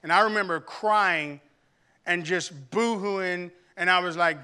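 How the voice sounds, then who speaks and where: A man from Arkansas preaching a sermon in church, telling a personal story and building to loud, emphatic preaching. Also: sits high, measured pace, clear, resonant tone. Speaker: pastor.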